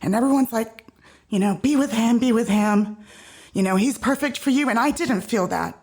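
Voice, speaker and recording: A woman's voice: fairly high pitch, normal speed, a little mellow. A woman in her thirties telling a personal story in casual conversation, earnest and emotional, with many restarts. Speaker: podcast guest. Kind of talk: casual chat.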